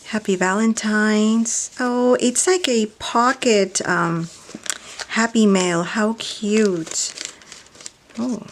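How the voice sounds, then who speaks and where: A woman in a casual unboxing vlog, gushing and exclaiming over every little item she pulls out. She often sinks into a soft near-whisper between the excited bits. Her voice sits at a middling pitch, with faint paper crinkling behind her. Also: a little hiss or hum. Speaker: craft vlogger unboxing mail. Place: indoors at night.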